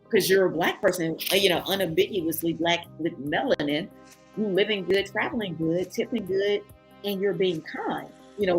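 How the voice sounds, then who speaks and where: A woman telling a travel story in a casual vlog, acting out other people's voices. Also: on the low side. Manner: animated, acts out other people's voices in quotes. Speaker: travel vlogger.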